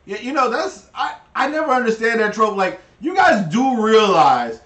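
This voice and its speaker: A man's voice: very high voice, big pitch swings, moderate pace, fairly bright tone, recorded from a distance. A man co-hosting a casual livestream, ranting heatedly and swearing often. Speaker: stream co-host. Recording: roomy, off-mic sound.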